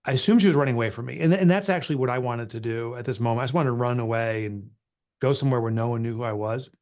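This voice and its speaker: A middle-aged man tells a personal story in an interview, earnest and confessional. His pitch sits right in the middle for a man, and he speaks with open, raw feeling. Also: rapid-fire, a little mellow. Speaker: author and guest.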